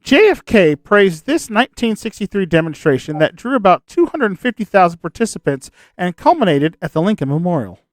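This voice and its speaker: A man's voice: sits high, very animated, fairly quick, hardly any pauses, dry recording, clean studio sound. A man from Nebraska hosting a casual parody quiz over a video call, reading clues with small stumbles and joking asides. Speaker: quiz show host.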